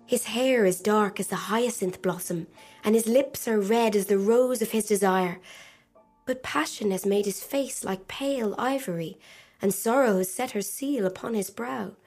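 A woman's voice: medium pitch, normal speed, a little mellow, natural voice. A woman voicing a small female nightingale, tender and longing, with a lilting, yearning delivery, over faint music in a storybook reading. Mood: tender wonder.

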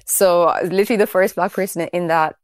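An Irish woman with a low voice hosts a casual interview. She speaks earnestly and softly, and the recording is dry and close with no room sound. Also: steady tone, fast talker, no echo. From Ireland, raised in Kildare. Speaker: podcast host.

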